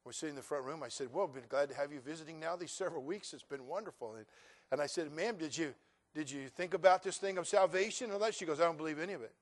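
Preaching man, soft to booming. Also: fast talker. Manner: storytelling, swings between soft asides and loud emphatic preaching. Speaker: pastor. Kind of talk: sermon.

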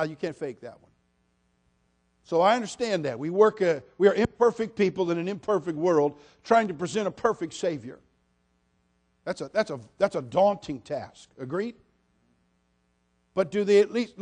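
Guy preaching, high voice, goes from quiet jokey stories to shouting at the crowd. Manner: swings from quiet asides to shouted appeals; humorous storytelling, repeats "listen to me". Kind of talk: sermon.

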